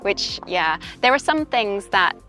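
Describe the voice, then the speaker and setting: Bright young British woman from Wales. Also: medium pitch, sing-song, unhurried, soft background music. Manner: chatty, explains with examples, laughs often. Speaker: English teacher, interview guest. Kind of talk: casual interview chat. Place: outdoors in a park. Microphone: handheld voice recorder.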